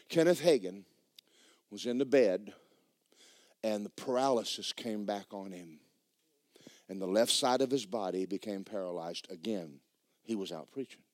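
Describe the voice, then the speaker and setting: A man preaching a sermon as pastor, swinging from shouted bursts to low, quiet lines and acting out dialogue. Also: expressive, moderate pace, pauses often, no room sound, clean studio sound. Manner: acts out dialogue in dramatized voices. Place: church sanctuary.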